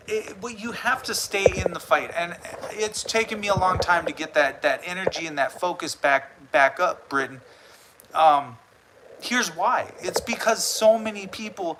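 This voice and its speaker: A man's voice: high voice, unhurried, noisy background. An American man hosting a casual live stream, earnestly rambling with frequent restarts as he responds to viewer comments. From United States. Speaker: livestream host.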